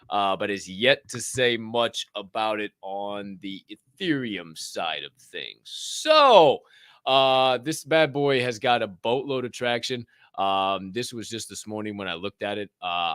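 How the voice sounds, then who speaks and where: A man's voice: lowish voice, a bit bright, dry recording, clean studio sound. A man hosting a podcast, giving casual news commentary in a joking, profane way, reading items aloud with asides. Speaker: podcast host.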